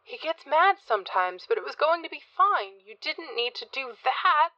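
A woman doing a shrill, frightened young woman. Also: big pitch swings, normal speed, sharp tone, dry recording, dull audio, full character voice. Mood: distressed.

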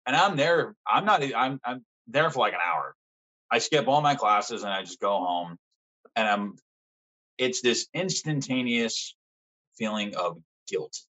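A young man as a podcast guest, frankly telling a personal story in casual conversation, swearing often and pausing with fillers. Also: medium pitch, lively intonation, sharp tone, dull audio.

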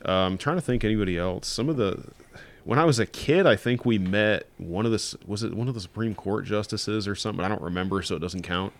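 A man's voice: on the low side, fast. A man on a casual podcast, rambling through memories and stopping to search for details. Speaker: podcast contributor. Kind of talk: casual chat.

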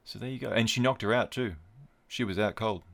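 A man's voice: on the low side, a little fast, vocal fry, a bit bright. A man hosting a casual solo podcast, recapping fights with wry, rambling asides. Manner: wry, digressive, jokey asides. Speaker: podcast host.

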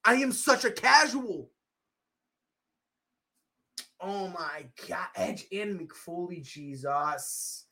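A man co-hosting a podcast in casual chat, excitable, swinging from hushed mutters to loud outbursts. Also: high voice, measured pace, vocal fry. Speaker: podcast co-host.

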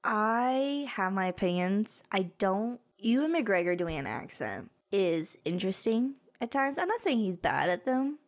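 A woman's voice: medium pitch, very animated, a little slow, few pauses. Woman co-host, casual chat, hesitant, trails off, laughs a lot. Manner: hesitant, trails off with "I don't know", laughs often. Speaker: podcast co-host. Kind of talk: casual movie review chat.

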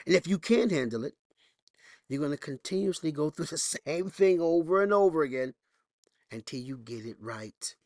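A man's voice: fairly high pitch, animated, moderate pace, a little mellow, no room sound, clean studio sound. A male pastor preaching a sermon emphatically, with folksy asides and rhetorical questions.

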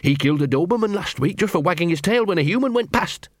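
A man's voice: sits high, lively intonation, quick pace, no room sound, studio quality, pitched above the performer's own voice. A man voicing a small, scruffy male talking dog who is nervous and eager to please. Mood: awed. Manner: anxious, fawning, jittery.

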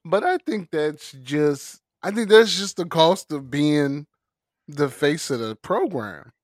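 A man co-hosting a casual podcast chat, an animated storyteller who acts out quotes and laughs often. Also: a little high, slow pace, no echo, studio quality. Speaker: podcast co-host.

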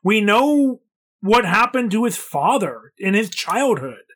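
A man's voice: sits high, sing-song, takes it slowly, fairly bright tone. Emphatic man analyzing a film villain. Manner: emphatic, analytical, casual swearing. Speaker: podcast co-host. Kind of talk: casual film discussion.

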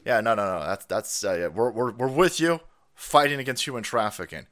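A man's voice: medium pitch, lively intonation, fairly quick, a bit bright. A man hosting a stream, ranting in profane commentary, laughing and mocking people in put-on voices. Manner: foul-mouthed, laughing, mocking impressions. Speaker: streamer host.

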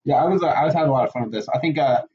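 A man's voice: fairly high pitch, rapid-fire, far from the mic, dull audio. A man co-hosting a casual podcast, swearing often, laughing, and slipping into exaggerated character voices. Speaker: podcast co-host. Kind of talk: casual chat.

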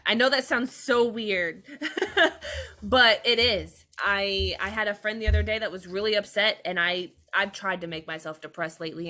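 A woman's voice: medium pitch, sharp tone. A young woman speaking as a podcast guest, talking openly and earnestly about hard personal experiences, sometimes laughing while she does. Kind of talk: candid personal conversation.

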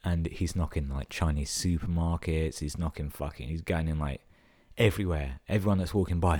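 A man's voice: extremely low pitch, a little fast, hardly any pauses, a little mellow. A young man tells stories casually, swearing a lot and filling his talk with 'like'. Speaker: vlogger telling stories. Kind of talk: casual storytelling.

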